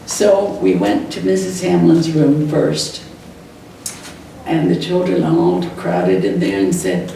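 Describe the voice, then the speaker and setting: Taking it slowly, this older woman uses a low-pitched, warm, expressive voice with vocal fry to share fond memories of her teaching years. She chuckles often as she reminisces. The recording comes from an echoey room with a distant mic and faint noise.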